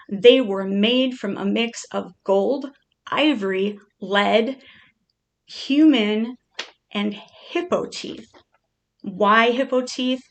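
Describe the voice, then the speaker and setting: A woman's voice: medium pitch, vocal fry. A woman chatting playfully to her pet, reading out odd facts in a casual, joking way.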